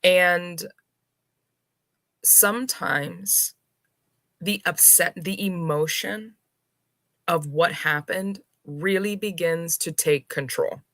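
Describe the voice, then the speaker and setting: A woman hosting a live spiritual talk, unhurried and reflective, speaking to her viewers with soft laughs and pauses. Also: lowish voice, no room sound.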